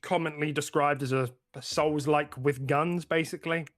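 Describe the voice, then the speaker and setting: A man's voice: fairly high pitch, steady tone, moderate pace. Chatty laughing male podcast host. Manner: chatty, laughs often, frequent fillers and restarts. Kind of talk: casual gaming podcast chat.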